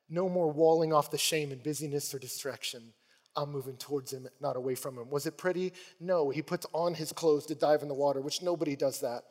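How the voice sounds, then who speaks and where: Animated male pastor in a reverberant hall. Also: mid-range voice. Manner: animated storytelling, acts out voices in quotes. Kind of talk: sermon.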